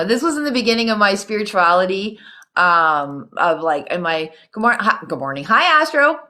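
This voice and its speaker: Lady host telling a story all worked up, swears a lot, laughs, mid-pitched voice. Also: moderate pace. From Canada. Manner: animated storyteller, swears freely, laughs often. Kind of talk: casual chat.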